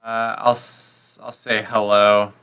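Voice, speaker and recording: A man's voice: fairly low pitch, little pitch movement, takes it slowly, pushed and bright, clear, resonant tone. A man playing a character in a tabletop game, haggling in a hesitant, wheedling way. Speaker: player. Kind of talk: in-character roleplay.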